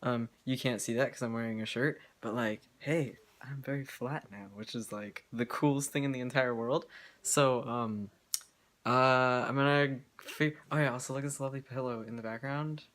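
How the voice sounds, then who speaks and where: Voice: mid-range voice, fairly even intonation, moderate pace, fairly bright tone. A vlogger talking casually at home in an update video, rambling with lots of fillers and restarts and giggling often.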